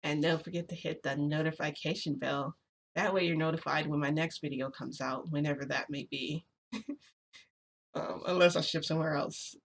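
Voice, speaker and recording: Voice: medium pitch, steady tone, normal speed, vocal fry. A vlogger talking casually to viewers, rambling and confessional, with many fillers and restarts. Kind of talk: casual vlog chat, venting.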